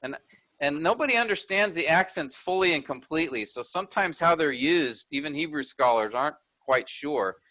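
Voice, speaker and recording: A man's voice: a little high, expressive, normal speed, bright, forceful tone. A middle-aged man teaching a class, explaining step by step and often checking in with "all right?". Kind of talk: recorded lecture with screen sharing.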